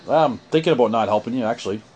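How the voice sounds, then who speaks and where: A man's voice: medium pitch, very fast, a little mellow. Angry, profane man on a phone call. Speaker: caller in a family phone argument. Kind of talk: heated phone argument.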